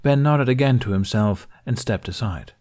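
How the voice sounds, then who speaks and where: A man reading fan fiction aloud in a measured, even storytelling manner. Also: mid-range voice. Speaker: reader. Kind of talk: scripted fan fiction narration.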